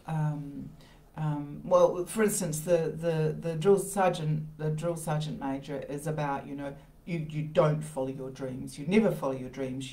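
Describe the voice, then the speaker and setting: Low-voiced woman giving a rambling talk. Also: mellow. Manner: rambling, with many restarts and asides. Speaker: host of a live self-help talk. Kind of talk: informal motivational talk. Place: home conservatory. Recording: roomy echo of a conservatory.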